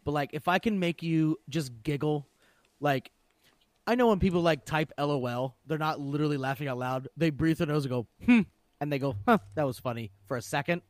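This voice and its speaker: A man's voice: a little high, fairly quick, no room sound. A man co-hosting a podcast, talking bluntly and profanely in a teasing way. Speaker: podcast co-host. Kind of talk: casual chat.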